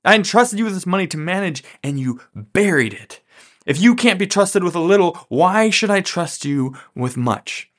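A man's voice: on the high side, normal speed, close to an everyday voice. A man voicing a business owner who judges his managers in a firm, commanding way. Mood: angry. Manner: firm, pronouncing judgment.

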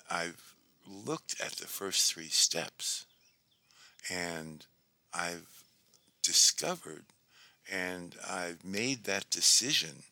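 A man giving a reflective, measured talk on recovery, with pauses and fillers. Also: sits low, creaky, bright, forceful tone, dry recording. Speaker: speaker on twelve-step recovery.

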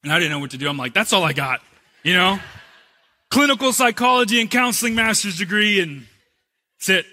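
A man preaching a sermon as a pastor, an animated storyteller who shifts from humor to earnest teaching. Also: sits high, brisk, long pauses.

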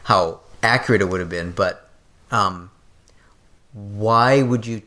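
A woman's voice: a bass voice, slow pace, fairly bright tone. A woman co-hosting a podcast, bantering playfully and joking in casual chat. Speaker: podcast co-host.

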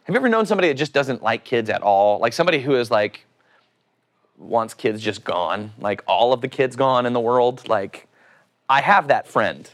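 A man with a mid-range voice, speaking at a normal speed, gives a casual, animated sermon. Along the way he cracks jokes, questions the audience, and imitates the voices in his story.

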